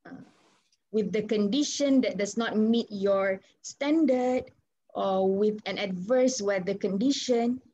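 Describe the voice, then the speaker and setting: A woman with a Malaysian accent teaches an online English class over a video call, mixing Malay and English. Her mid-range voice is warm and slow, and she encourages students by asking them questions. The audio is slightly muffled.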